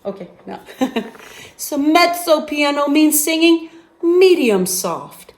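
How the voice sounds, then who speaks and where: A woman with a high, lively voice leads a children's music lesson, speaking slowly and sounding out each term. She breaks into sung examples at different volumes. The room around her is echoey. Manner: slow, clearly enunciated teaching voice. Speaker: music teacher.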